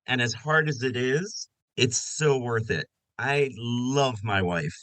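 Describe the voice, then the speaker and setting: This is a man in his fifties, a guest on a podcast, talking casually about his life. His voice is bright and forceful at an ordinary pitch. He tells stories with energy and slips into the voices of people he quotes, recorded dry and close. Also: takes it slowly, dry recording, poor audio. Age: 50s. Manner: animated storyteller who acts out quoted voices. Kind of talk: casual storytelling interview.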